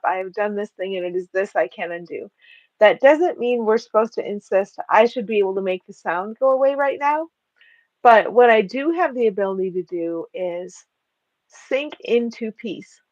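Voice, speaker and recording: A woman guest joining a live stream by remote call on earbuds, teaching spiritual ideas in a calm, soothing, gentle way. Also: mid-range voice, dry recording. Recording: dull lo-fi earbud mic.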